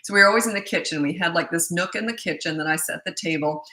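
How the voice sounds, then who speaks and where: A chatty middle-aged woman coach answers parenting questions with casual stories and frequent laughs. Her voice is bright and forceful, sitting slightly low. The sound carries a roomy echo. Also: quick pace. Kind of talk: casual storytelling Q&A. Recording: echoey room.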